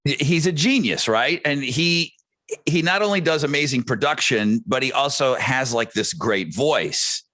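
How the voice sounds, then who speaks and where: A man's voice: animated, a little slow, pushed and bright. A man who hosts radio, chatting casually on a podcast and acting out quotes in his stories. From United States. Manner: storytelling, acts out quotes with big pitch swings.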